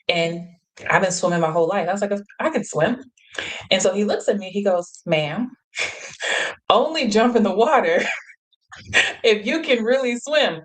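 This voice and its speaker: Animated woman telling a story. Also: on the low side, poor audio. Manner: animated, laughs often, acts out quotes. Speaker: host. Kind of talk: casual motivational storytelling.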